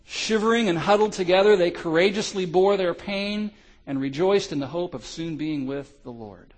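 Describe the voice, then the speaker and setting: A middle-aged male pastor telling a story in a sermon, swinging from loud cries to hushed lows. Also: moderate pace, low-quality recording.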